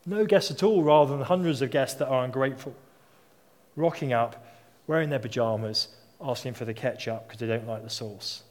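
A man in his thirties or forties preaches a sermon in a conversational way, telling stories and posing rhetorical questions. His voice is mid-range at a normal speed, and the hall adds a long reverb.

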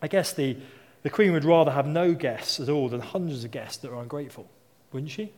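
A man's voice: a little high, fairly quick, darkish tone. A man in his thirties or forties preaching a sermon, telling stories in a conversational way and asking rhetorical questions. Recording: long hall reverb.

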